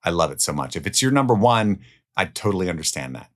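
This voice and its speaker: A man hosting a film countdown, talking casually and with enthusiasm, swearing now and then, and moving between loud highs and quiet asides. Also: very animated, fast. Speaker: film reviewer. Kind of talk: casual spoken movie countdown.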